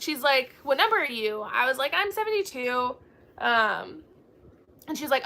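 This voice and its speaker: A woman's voice: high-pitched, very animated, normal speed, creaky, pushed and bright. A young woman hosting a casual book chat, telling a bubbly story and acting out the quoted dialogue. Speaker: book channel host.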